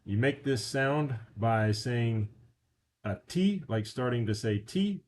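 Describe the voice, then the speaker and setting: A man teaching a beginner language lesson in a casual, unhurried way, explaining step by step with frequent fillers. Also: mid-range voice, expressive, a little hiss or hum.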